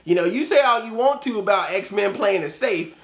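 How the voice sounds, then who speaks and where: Male vlogger, high-pitched, animated casual film-review delivery with frequent laughs. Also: moderate pace. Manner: animated, laughs often, acts out scenes in quoted voices. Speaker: movie reviewer. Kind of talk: casual movie review rant.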